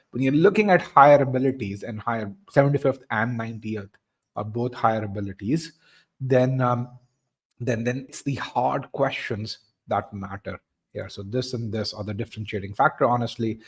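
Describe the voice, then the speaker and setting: A man leads a live test-prep webinar in a mid-pitched voice. He explains things step by step, often restarting and repeating words mid-sentence. He also reads out and responds to comments from his audience. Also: breathy edge.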